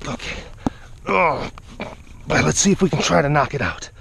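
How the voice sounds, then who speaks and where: A vlogger who works with big cats talks out of breath outdoors, giving casual running commentary in a slightly high, animated voice with vocal fry at a moderate pace. He coaxes the animals along, chattering to them between remarks, over background noise.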